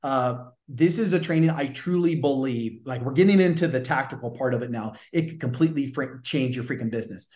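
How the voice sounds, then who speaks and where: A man's voice: mid-range voice, brisk, few pauses, darkish tone, reverberant. A man with a Southern accent, a gym business coach hosting a show, talking in a punchy, pushy way and swearing casually. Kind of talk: energetic coaching talk.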